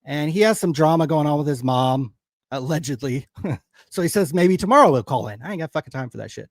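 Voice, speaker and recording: A man's voice: a little high, expressive, fairly quick, darkish tone, dry recording. A man hosting a livestream, ranting angrily with constant swearing in loose, heated casual commentary. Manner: profane, angry ranting. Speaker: livestream host.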